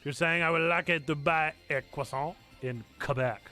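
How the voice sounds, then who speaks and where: A young man streaming a video game live, commenting as he plays and breaking into excited shouts. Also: a little high, moderate pace, faint music behind.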